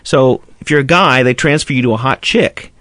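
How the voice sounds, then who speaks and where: A man's voice: medium pitch, moderate pace, fairly bright tone, no room sound. A man hosting a radio talk show, telling a long profane story and acting out both sides of a phone call. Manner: profane storytelling with mimicked dialogue. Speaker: radio host. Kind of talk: casual radio banter.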